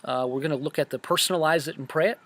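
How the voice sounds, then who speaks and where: A camp director recapping a Bible study class in a relaxed, earnest way, with many fillers and restarts. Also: male voice, a little high, rapid-fire.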